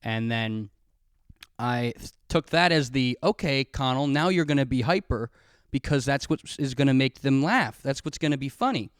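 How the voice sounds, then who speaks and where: Young male podcast host, mid-pitched, swearing storyteller, dry recording. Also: animated, normal speed, smooth, no echo. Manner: rambling, profane, self-mocking, laughs often. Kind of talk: casual storytelling monologue. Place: home room, recorded on camera. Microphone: camera mic.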